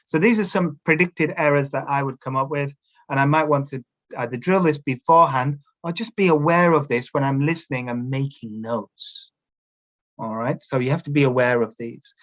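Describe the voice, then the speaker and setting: A man's voice: medium pitch, moderate pace, fairly bright tone, lo-fi sound. A man leading a teacher-training webinar, giving instructions in a coaching tone and often checking in with his listeners. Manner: coaching tone, keeps checking in with "all right?". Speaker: teacher trainer presenting a workshop. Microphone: video call camera setup.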